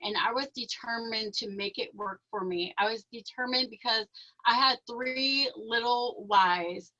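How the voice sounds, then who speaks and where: A woman's voice: a little high, measured pace, bright, forceful tone. Young woman, nervous, shaky, lots of fillers, emotional testimony, dull lo-fi sound. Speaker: presenter sharing her business story. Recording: dull lo-fi audio.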